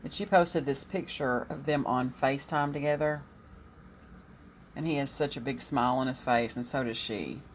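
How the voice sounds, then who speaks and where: A woman YouTube commentator reading posts and a news item aloud, with soft asides in between. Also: rumbling low, normal speed, slight background noise.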